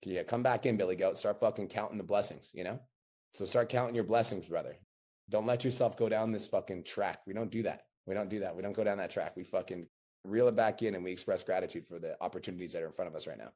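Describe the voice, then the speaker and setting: A man's voice: low-pitched, fast, warm tone. A man coaching a client on a call, blunt and profane, giving a pep talk with rising intensity. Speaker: business coach.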